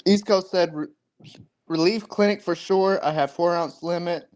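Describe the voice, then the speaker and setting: A man's voice: sits high, fairly even intonation, moderate pace, a little mellow. A man in a casual live chat, giving brief replies and reading out viewer comments.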